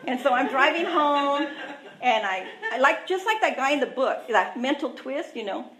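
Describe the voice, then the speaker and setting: A woman's voice: high voice, lively intonation, moderate pace, fairly bright tone. A woman sharing her own recovery story, candid and self-mocking, chatty with lots of asides. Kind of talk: personal recovery testimony. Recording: echoey room.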